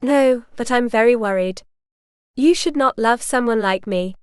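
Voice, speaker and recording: A woman voicing an anxious young noblewoman, speaking softly and worriedly. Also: on the high side, measured pace, clean tone, no room sound, studio quality, natural voice. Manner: soft, worried.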